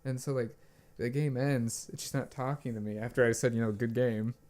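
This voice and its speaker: A young man co-hosts a podcast in casual chat, his medium-pitched voice moving fairly quickly. He tells a rambling story packed with fillers and frequent swearing, quoting people in an animated way.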